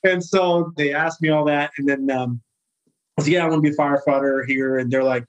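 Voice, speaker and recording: A man in his thirties from California, a firefighter guest telling a story in a casual interview, animated and acting out the people he quotes. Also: on the high side, fairly quick, clear, resonant tone, dull audio. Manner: animated, acts out quoted voices.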